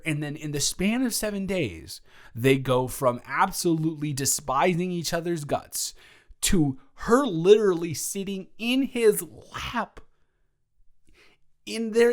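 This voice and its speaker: A man's voice: high voice, lively intonation, unhurried. A young man improvising an audio role-play, talking in a flustered, rambling way with many stammering restarts.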